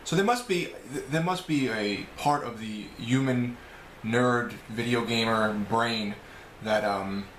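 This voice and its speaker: A man's voice: medium pitch, slow, a bit bright, roomy sound, slight background noise, low-quality recording. A man with a New York accent answering a list of questions in a casual, rambling video blog, often correcting himself. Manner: rambling, self-correcting, chatty. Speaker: video blogger. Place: home room.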